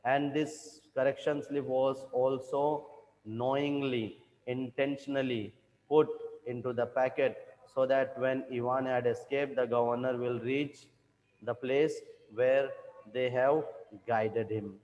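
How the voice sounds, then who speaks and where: A man, teaching in a classroom, who reads a textbook chapter aloud and then slowly rephrases each line, repeating the key words. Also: mid-range voice, steady tone, darkish tone, long reverb tail, highs cut off. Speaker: English teacher.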